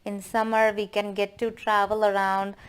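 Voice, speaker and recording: Doting old mother as a woman puts her on, soft, affectionate, gentle reassurance, quiet endings, storytelling voice. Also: medium pitch, flat delivery, normal speed, clear, resonant tone, lightly acted. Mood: tender.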